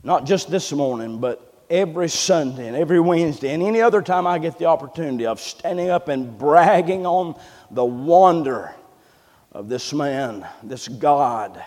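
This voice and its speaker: A man's voice: on the high side, expressive, normal speed, darkish tone, long reverb tail. A man preaching a sermon, emphatic and repetitive, calling for amens from the congregation. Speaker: pastor.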